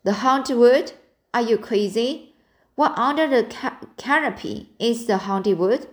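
A woman reading the part of a stern, practical older spinster in an audiobook, in a brisk, scolding manner. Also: a little high, lively intonation.

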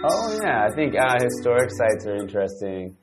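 A man's voice: mid-range voice, sing-song, normal speed, music in the background. A man with a Canadian accent co-hosting an English lesson, talking through a casual conversation game and thinking aloud as he goes.

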